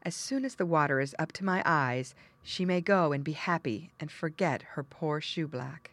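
A woman voicing a calm, polite young prince in a storybook reading. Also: low voice, moderate pace, no echo. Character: cool-headed young prince disguised as shoeblack.

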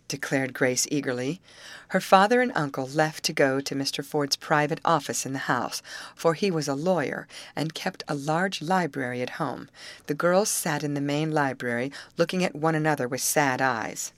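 Low-voiced woman reading a storybook. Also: normal speed, no echo. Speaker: audiobook reader. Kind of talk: scripted narration.

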